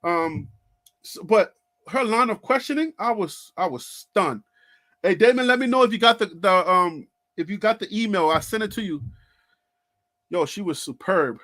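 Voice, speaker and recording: Man, high voice, sports channel host, casual chat, animated, laughs a lot. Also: moderate pace. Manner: animated, laughing, talks to viewers by name. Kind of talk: casual live-stream chat.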